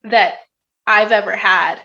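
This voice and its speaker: A woman guest on a podcast gently recounting a personal story in casual conversation. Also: mid-range voice, fairly even intonation, slow, gravelly, a little hiss or hum. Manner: gentle storyteller with soft laughs. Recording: dull lo-fi remote line.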